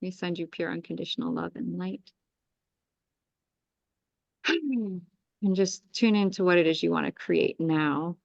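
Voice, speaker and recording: A woman astrologer leading a live group energy clearing, guiding breaths and chanting soothing, commanding incantations. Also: fairly low pitch, no echo, highs cut off. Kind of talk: guided energy clearing meditation.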